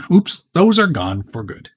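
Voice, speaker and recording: A man's voice: a little high, very animated, takes it slowly, husky. A man hosting a live stream, casually chatting and answering viewer questions while working on a model truck with his hands. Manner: chatty and easygoing, with frequent fillers and self-interrupting asides. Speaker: host of a live build stream.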